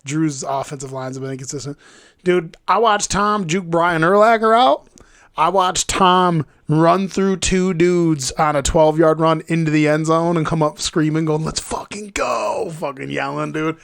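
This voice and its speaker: A man hosting a podcast, chatting casually about football with heavy swearing and animated stories. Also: a little high, moderate pace, creaky, smooth, dry recording, clean studio sound. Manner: profane, animated storytelling. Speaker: podcast host. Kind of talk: casual sports chat.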